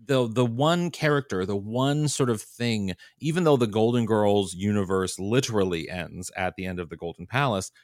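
A man's voice: on the low side, normal speed, few pauses, no room sound, studio quality. A man co-hosting a podcast in casual chat, enthusiastic and playful, sometimes gushing. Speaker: podcast co-host.

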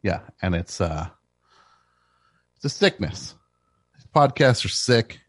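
A man hosts a comedy radio show from a studio mic, riffing brashly and jumping between mock yelling and low mutters. His pitch swings widely and animatedly. The room sound is dry and close. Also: sing-song, slow pace, no echo. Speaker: host.

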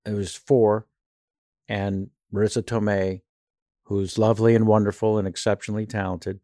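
A man's voice: lowish voice, flat delivery, normal speed, warm tone, no room sound, studio quality. A male actor and impressionist telling rambling, self-deprecating stories in a casual interview.

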